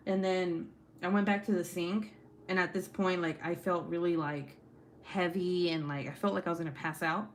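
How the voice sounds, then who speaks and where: A woman in her thirties hosting a casual livestream from home while crafting. She tells stories in an animated way, swears freely and laughs often. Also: on the low side, slight background noise. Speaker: livestream host.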